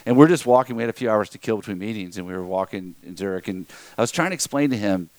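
A man's voice: on the low side, rapid-fire, a little mellow, no echo. Middle-aged man, Louisiana accent, rambling storyteller, dry close mic. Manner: rambling anecdotes with restarts, acts out voices in quotes. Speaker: podcast co-host. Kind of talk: casual chat, storytelling.

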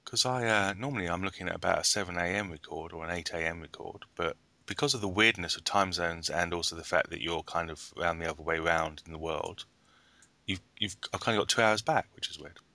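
A man's voice: low-pitched, a little fast, pushed and bright, dry recording. A man hosting a podcast in casual, jokey banter, laughing often. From South London, England. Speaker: podcast host. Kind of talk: casual chat.

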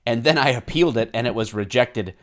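A man in his thirties co-hosts a loose podcast chat at an ordinary, mid-range pitch. He jokes and rambles, often laughing at his own lines. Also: a little fast, a bit bright. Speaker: podcast co-host.

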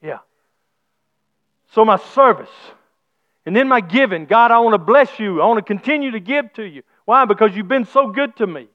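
High-voiced preacher, quiet to shouting. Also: male voice, animated, normal speed, dry recording. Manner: swings from soft and low to shouting praise; Southern church preaching with folksy grammar. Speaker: pastor. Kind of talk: sermon. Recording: slightly dull lo-fi sound.

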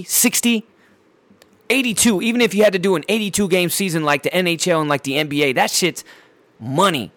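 A man's voice: sits high, no echo. A man hosting a casual solo podcast, ranting bluntly with heavy swearing, frequent fillers and repeated words. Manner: heavy profanity, blunt and animated. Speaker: podcast host.

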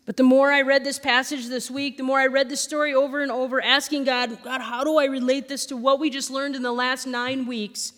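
High-voiced woman preaching in a reverberant hall. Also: brisk, hardly any pauses. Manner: animated storytelling, acts out questions and quotes. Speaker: pastor. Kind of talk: sermon. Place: church sanctuary.

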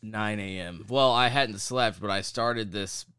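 A man's voice: on the low side, unhurried, bright, forceful tone, clear, resonant tone, no echo, clean studio sound. A young man casually telling a long, profane story to a friend in a podcast chat. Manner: profane, rambling anecdote-telling.

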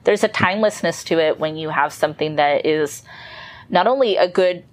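A woman's voice: deep voice, moderate pace. A woman co-hosting a film podcast, chatting casually and enthusiastically with plenty of fillers. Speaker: podcast co-host. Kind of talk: casual chat.

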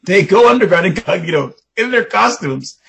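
A man's voice: high-pitched, moderate pace, vocal fry, slightly rough. A middle-aged man in casual podcast chat, explaining with a fan's enthusiasm. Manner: enthusiastic fan, explaining with rising excitement.

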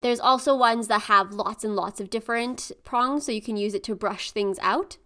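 A woman on a podcast explaining myths and fairy tale symbols in a fairly high voice. She talks in a thoughtful, informative way, with a casual tone. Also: normal speed, pushed and bright. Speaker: podcast co-host explaining folklore.

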